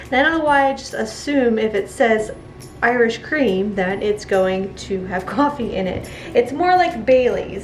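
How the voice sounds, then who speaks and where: A woman's voice: mid-range voice, expressive, normal speed, roomy sound, background noise. A woman chatting casually while making soap, laughing often as she talks. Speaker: soap maker. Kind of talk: casual crafting narration.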